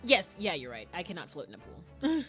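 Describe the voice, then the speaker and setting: A woman streamer talks over a game with a lively, swooping delivery and a bright, forceful tone. She laughs often and swears casually between lines of game dialogue, with faint game music behind her. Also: fairly low pitch, brisk. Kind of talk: live game commentary, reading dialogue aloud.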